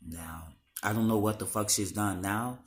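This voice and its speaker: A man's voice: lowish voice, moderate pace. A young man talking straight to the camera in a raw, emotional monologue, slangy and full of swearing.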